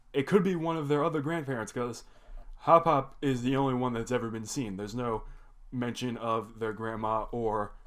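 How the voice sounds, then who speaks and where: A man's voice: mid-range voice, fairly bright tone. A young man casually recapping a cartoon episode, rambling and filling his talk with "like". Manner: rambling, heavy use of "like" fillers. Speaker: reaction video host.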